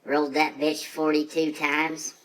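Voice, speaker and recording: A man's voice: fairly high pitch, monotone, measured pace, a bit bright, poor audio. A man playing a brash, foul-mouthed redneck drag racer in a comedic monologue, full of profane, rambling, boastful trash talk.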